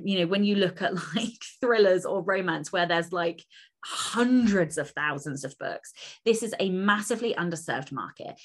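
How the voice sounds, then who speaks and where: A woman author chatting as an interview guest, enthusiastic and talkative, with plenty of fillers. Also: fairly low pitch. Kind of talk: casual interview conversation.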